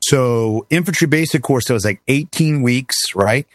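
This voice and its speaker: A middle-aged man telling his army stories as an interview guest, animated, acting out the voices he quotes and laughing often. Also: mid-range voice, moderate pace, dry recording, studio quality. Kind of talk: casual storytelling interview.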